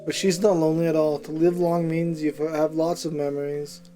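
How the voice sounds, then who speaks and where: Man reading a story, flat and mellow. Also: on the high side, faint music behind, low-quality recording. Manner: measured reading with small slips and asides.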